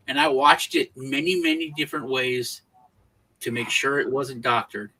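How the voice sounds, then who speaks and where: A man's voice: medium pitch, slow, vocal fry, long pauses, poor audio. An American man co-hosting a casual podcast discussion, telling stories with lots of restarts and repeated words. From United States. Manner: animated storyteller. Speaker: podcast co-host.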